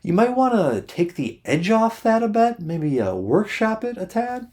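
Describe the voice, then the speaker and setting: A man puts on a girlfriend's high voice, lifted well above his own. She hedges gently and keeps urging him to tone things down. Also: big pitch swings, unhurried. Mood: cautious. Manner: hedging, gently cautioning. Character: his cautious girlfriend, a young adult woman.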